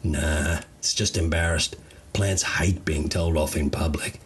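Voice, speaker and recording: A man's voice: rumbling low, steady tone, measured pace, slightly rough, pitched below the performer's own voice, full character voice. A man voicing an easygoing, unflappable Australian gardener with a drawling, slangy way of talking. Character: laid-back Australian gardener, unflappable bloke.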